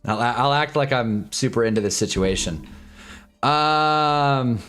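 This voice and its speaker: A man's voice: mid-range voice, slow, a bit bright, faint music behind. A young man in his twenties from Southern California, chatting casually on a live stream, rambling and joking with frequent laughs.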